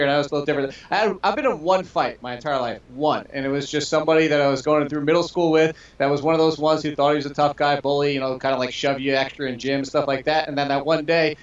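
A man in casual sports talk, chatty and quick, telling a personal story with laughs. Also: a little high. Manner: fast, chatty, laughs through stories. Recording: roomy, distant, dull mic.

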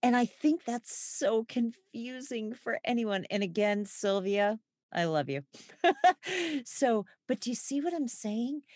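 A woman speaking in an expressive, reflective way in a conversational podcast. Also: a little high, slow pace, no room sound, studio quality.

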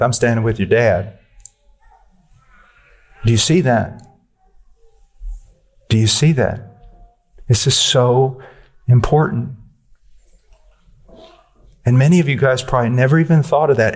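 Guy preaching, blunt and forceful, talks straight at you, plain mid voice. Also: medium pitch. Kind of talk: sermon.

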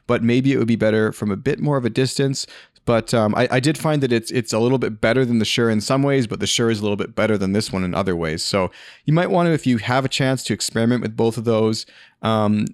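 A man's voice: mid-range voice, no room sound. Casual rambling man, dry sound. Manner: rambling, with many fillers and restarts. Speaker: podcast host answering a listener question. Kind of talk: casual spoken advice. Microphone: studio podcast microphone.

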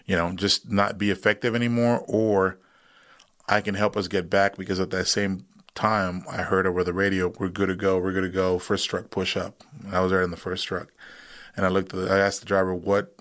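A man with a lowish voice tells his story in a casual, animated way. He is a podcast guest who jumps into the voices of the people he is quoting, and his pitch climbs as he does. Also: moderate pace. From United States. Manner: animated retelling, acts out quoted voices.

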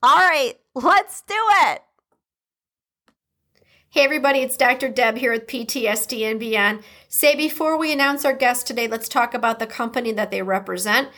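A woman's voice: on the high side, fairly quick, hardly any pauses, a bit bright. Upbeat Midwestern woman podcast host. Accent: American Midwestern. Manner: upbeat, chatty, playful with restarts. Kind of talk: podcast intro and sponsor read.

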